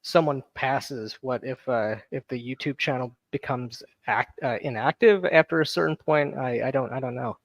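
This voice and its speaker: A man's voice: medium pitch, moderate pace, creaky, few pauses, no echo. A man co-hosting a casual group chat, rambling and often restarting his sentences. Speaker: podcast co-host.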